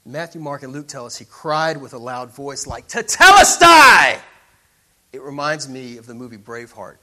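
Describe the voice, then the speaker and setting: Male preacher, bright tone, dramatic delivery that swings from hushed to loud. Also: mid-range voice, fairly even intonation, brisk. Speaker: pastor. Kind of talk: sermon.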